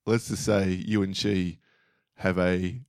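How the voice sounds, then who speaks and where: A man's voice: low voice, little pitch movement, takes it slowly, a little mellow, clear, resonant tone, dry recording. A man in his forties co-hosting a podcast, telling stories in a dry, understated way and acting out quotes. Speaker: podcast co-host. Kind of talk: casual storytelling chat.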